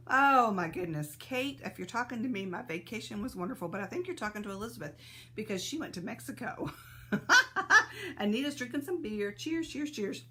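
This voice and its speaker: A woman's voice: medium pitch, lively intonation, fairly quick, fairly bright tone. A woman hosting a casual live stream, greeting viewers by name and laughing often, a little sneezy and teary-eyed.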